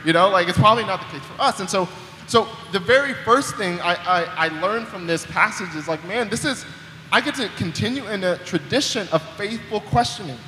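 A man's voice: sits high, a little fast, pushed and bright, a little hiss or hum. A young man preaching a sermon in a conversational way, often repeating words as he starts a sentence, recorded in a church hall. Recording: echoey hall with long reverb.

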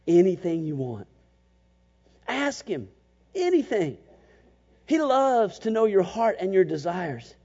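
A man preaching a sermon as pastor, animated and emphatic, sometimes slipping into mocking voices to make a point. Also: sits high, breathy edge. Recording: muffled, long church reverb.

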